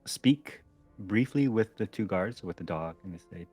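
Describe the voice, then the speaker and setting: A man narrating as game master of a tabletop game, relaxed and chatty with frequent ums and self-corrections. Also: sits low, measured pace, breathy edge, faint music behind.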